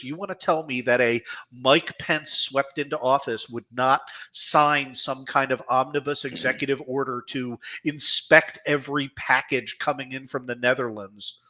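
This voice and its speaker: A man's voice: mid-range voice, normal speed, hardly any pauses, pushed and bright. A man co-hosting a live-stream panel, explaining legal points emphatically with some swearing. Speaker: podcast co-host.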